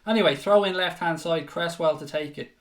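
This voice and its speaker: A man hosting a live football watchalong, commentating in a frustrated, sweary way with bursts of shouting. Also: a little high, brisk. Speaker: watchalong host. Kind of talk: live fan reaction commentary.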